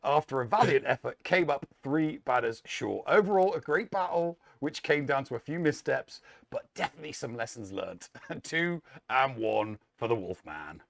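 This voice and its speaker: A man's voice: medium pitch, expressive, normal speed, gravelly, no room sound. A man co-hosting a casual gaming show, recapping matches with dry humor. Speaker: co-host.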